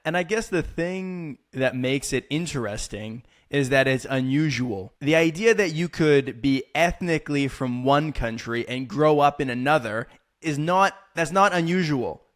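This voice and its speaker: A man's voice: fairly high pitch, unhurried. A man from Canada hosting an interview, thinking aloud in an easygoing way and often murmuring "mm-hmm". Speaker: podcast host. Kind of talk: casual interview.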